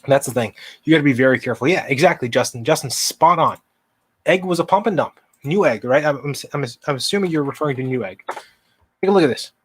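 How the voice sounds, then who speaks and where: A man's voice: medium pitch, fast talker, fairly bright tone, husky, no echo. Emphatic male stock livestream host, dry sound. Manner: impassioned, emphatic, warns viewers, reacts to chat. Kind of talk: live market commentary with charts.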